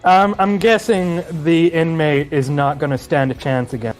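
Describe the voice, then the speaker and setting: A man's voice: on the high side, fairly even intonation, normal speed, faint music behind. A young man as a player in a tabletop game, talking casually with hesitations. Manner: hesitant, filler-heavy.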